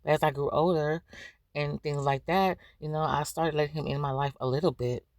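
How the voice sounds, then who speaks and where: A young adult woman hosting a reaction video, giving blunt, profane, animated commentary in casual chat. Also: low voice, a little fast, dry recording, clean studio sound.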